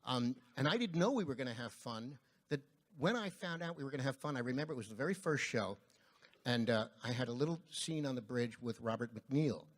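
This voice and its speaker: A man's voice: mid-range voice, a little fast. A man on a reunion panel fondly recalling his first days on set. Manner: relaxed, fond reminiscing with many ums. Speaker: cast member at a reunion panel. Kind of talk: reminiscing on a panel.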